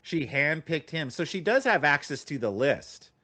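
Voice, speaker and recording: A man's voice: a little high, big pitch swings, moderate pace, bright, forceful tone, husky, dry recording. A man streaming and reacting to a clip with sarcastic, mocking commentary. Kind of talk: casual chat.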